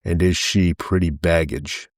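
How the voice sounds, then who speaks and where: A gross, self-important rogue voiced by a man who blusters and jeers at anyone he thinks a fool. His voice sits low and sounds close and dry. He speaks like a tavern braggart in a spoken storybook. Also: steady tone, measured pace, no echo. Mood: boastful. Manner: blustering, mocking. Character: fat boastful middle-aged male rogue, jeering.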